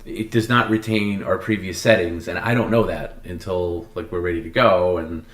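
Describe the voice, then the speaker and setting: A man's voice: low-pitched, moderate pace, a bit bright, reverberant. A man producing a live stream, casually apologizing while he sorts out the audio settings.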